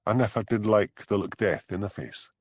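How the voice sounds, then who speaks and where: A man voicing a calm, dryly ironic Scottish village policeman with a Scottish accent. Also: lowish voice, normal speed, breathy edge, no echo. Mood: wry. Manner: cool, dry and gently ironic.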